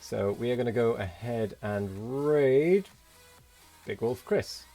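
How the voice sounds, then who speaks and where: A man's voice: mid-range voice, slow, warm tone, soft background music. A man hosting a late-night game live stream, tired and rambling as he thanks viewers and chats with his co-player. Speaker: streamer host. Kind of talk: casual live-stream chat.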